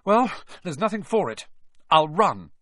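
A man reading aloud, voicing a steady, brave young schoolboy wizard who speaks with urgency. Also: high voice, measured pace, no room sound, pitched above the performer's own voice, exaggerated voice. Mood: determined.

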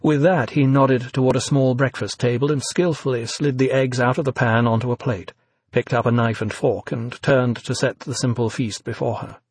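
A man narrating an audiobook in a measured, even reading. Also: medium pitch, breathy edge, no room sound.

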